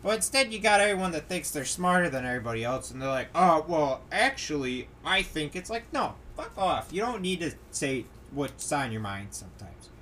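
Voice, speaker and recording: A man's voice: fairly high pitch, big pitch swings, brisk, few pauses, a bit bright, slight background noise. A young man hosting a solo podcast, ranting in an exasperated way, swearing and mocking the people he quotes. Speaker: podcast host.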